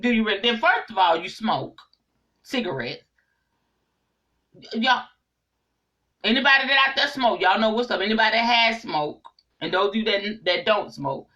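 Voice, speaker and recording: A middle-aged woman giving a casual spiritual monologue to her viewers, animated and preachy, speaking straight to the audience. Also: mid-range voice, muffled recording. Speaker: online inspirational speaker.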